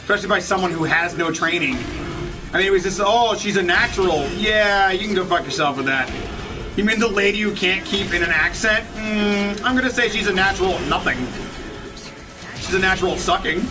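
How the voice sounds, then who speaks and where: A man's voice: high voice, fairly quick. A man hosting a let's play, chatting casually with viewers in a profane, ranting way and laughing often. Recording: distant mic with game music behind.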